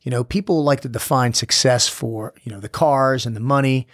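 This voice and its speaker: A man's voice: mid-range voice, normal speed, no echo. Intense, blunt male guest in mid range, swearing, frequent restarts, dry recording. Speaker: podcast guest, former Navy SEAL. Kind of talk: candid conversational interview.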